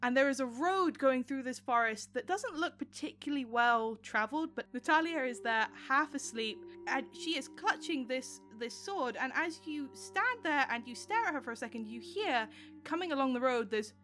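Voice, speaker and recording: Bright-voiced woman narrating as game master. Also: high-pitched, lively intonation, soft background music. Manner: descriptive, unhurried scene-setting.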